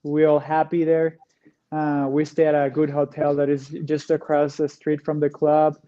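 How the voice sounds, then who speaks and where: A man from Mexico with a Spanish accent, a guest answering interview questions in an easygoing way, pausing often on "uh.". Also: a little high, monotone, highs cut off. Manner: easygoing, frequent "uh" pauses. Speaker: guest, pro racquetball player.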